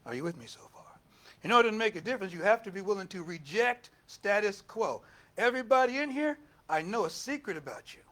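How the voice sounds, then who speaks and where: Bright-voiced older male pastor. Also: high voice, fast talker. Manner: animated, laughing, acts out quotes in a raised voice. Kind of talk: storytelling sermon.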